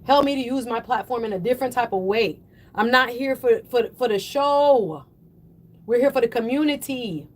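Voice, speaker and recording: A woman hosting a call-in radio show, delivering impassioned, preachy commentary that swells toward yelling. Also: fairly high pitch, moderate pace. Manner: fiery, preachy, rising to yelling then apologizing. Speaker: radio talk show host.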